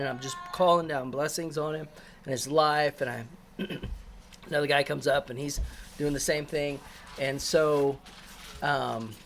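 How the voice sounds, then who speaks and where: A man's voice: fairly high pitch, slight background noise. A man casually telling a personal church story, rambling with many fillers and restarts. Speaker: christian storyteller.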